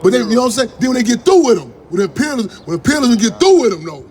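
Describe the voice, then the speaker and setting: A man's voice: very high-pitched, big pitch swings, rapid-fire, a little mellow. A man giving a fiery, profane political talk to a crowd, telling rambling stories that draw call-and-response. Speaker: activist speaker.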